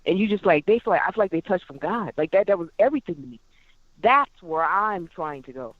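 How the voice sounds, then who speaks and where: A woman's voice: lowish voice, expressive, brisk, dry recording, phone-quality sound. A woman guitarist and singer talking as a podcast interview guest, effusive and full of exclamations.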